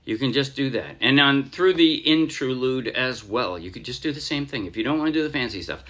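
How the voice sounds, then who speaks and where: A man's voice: mid-range voice, expressive, brisk, bright, forceful tone, soft background music. An American man casually teaching a ukulele song, rambling a little and counting beats aloud over his strumming. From United States. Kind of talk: casual music tutorial.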